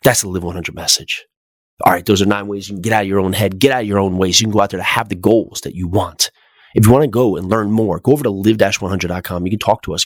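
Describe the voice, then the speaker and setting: A middle-aged man hosting a motivational podcast, speaking with energetic, repetitive emphasis and rhetorical questions. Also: on the low side, husky, no echo, studio quality. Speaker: podcast host.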